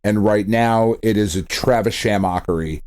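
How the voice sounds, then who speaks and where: A man's voice: on the low side, normal speed, smooth. A middle-aged man co-hosting a casual podcast, telling a story with lots of swearing, laughter and acted-out quotes. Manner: animated, swears a lot, laughs often, acts out quotes. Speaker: podcast co-host. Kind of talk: casual chat.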